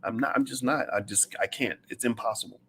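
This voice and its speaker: A man's voice: mid-range voice, a little fast, gravelly, fairly bright tone, slight background noise. A middle-aged man giving an impassioned, preachy monologue as a commentator, hammering his points with repetition.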